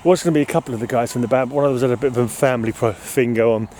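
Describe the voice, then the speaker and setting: A man's voice: mid-range voice, racing, darkish tone, slight background noise. A man in a casual walking vlog, out of breath as he goes, talking in a rambling, sweary way and chuckling often. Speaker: podcast host. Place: outdoors in an urban park.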